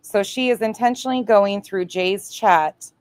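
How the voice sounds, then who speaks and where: A woman's voice: mid-range voice, moderate pace, a little mellow, no room sound. A woman giving reaction commentary on a clip, blunt and profane. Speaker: commentary streamer.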